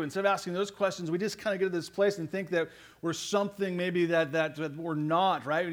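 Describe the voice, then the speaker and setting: A man's voice: high voice, steady tone, brisk. A man preaching a sermon as pastor, earnest and growing emphatic as he speaks.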